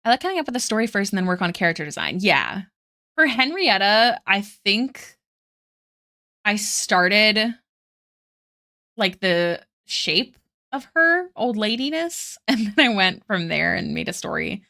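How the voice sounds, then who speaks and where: A young woman chatting casually with her viewers while she draws, bubbly and talkative, reading chat aloud and thinking out loud. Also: medium pitch, sing-song, a little slow, creaky. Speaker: art streamer. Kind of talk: casual live-stream chat while drawing.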